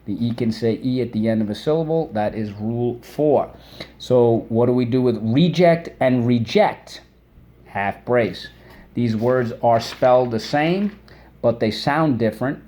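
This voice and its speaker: A man teaching a phonics lesson for children, patient and encouraging, saying words aloud and pausing for the class to repeat them. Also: medium pitch, dark tone. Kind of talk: phonics lesson with call-and-response drills.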